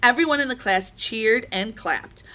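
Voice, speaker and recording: A woman reading a children's storybook aloud, animated and expressive. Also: fairly high pitch, normal speed. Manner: animated, doing character voices. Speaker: reader.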